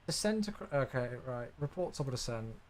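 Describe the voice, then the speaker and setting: A man's voice: mid-range voice, sing-song, fairly quick, a little hiss or hum. A young man chatting casually on a live stream while flying a simulator, reacting aloud and answering viewers. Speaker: flight sim streamer.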